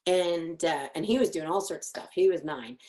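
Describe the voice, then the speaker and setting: A middle-aged woman psychologist giving an educational talk, telling lively stories and acting out what people say. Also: on the low side, moderate pace. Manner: animated storytelling, acting out quotes. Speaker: clinical psychologist presenting.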